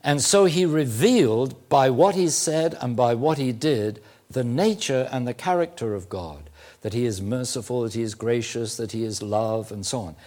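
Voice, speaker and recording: A man preaching a sermon, teaching slowly and deliberately with emphatic phrasing and occasional fillers. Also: mid-range voice, animated, a little mellow. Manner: occasional throat clearing and "uh" fillers.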